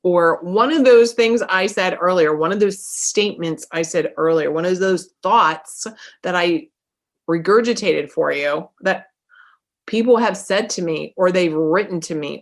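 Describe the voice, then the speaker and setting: Emphatic woman coach, fairly low voice. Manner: energetic and emphatic, repeats phrases for effect. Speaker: life coach and podcast host. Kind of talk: motivational podcast monologue.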